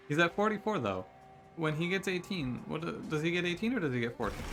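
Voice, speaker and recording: Animated man commenting over game music. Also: on the high side, brisk. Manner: chatty, jokey, exasperated outbursts. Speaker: gaming streamer. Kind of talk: casual gameplay commentary.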